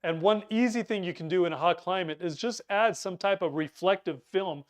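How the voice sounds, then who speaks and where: A man's voice: sits high, a little fast. Chatty man teaching home preparedness. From Utah. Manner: chatty, stumbles and restarts over words. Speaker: preparedness instructor. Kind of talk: informal teaching talk.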